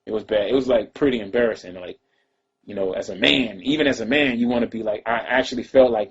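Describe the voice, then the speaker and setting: Man, casual storyteller, slangy and rambling, rapid delivery. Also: medium pitch, breathy edge. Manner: laid-back, rambling, slangy, trails off into quiet asides. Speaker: rapper telling a personal story. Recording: dull lo-fi sound.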